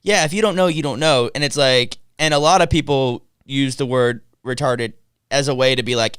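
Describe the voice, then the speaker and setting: A man's voice: mid-range voice, moderate pace, fairly bright tone, clear, resonant tone, no echo, clean studio sound. A young man co-hosting a podcast, rambling in casual chat with lots of fillers. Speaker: podcast co-host.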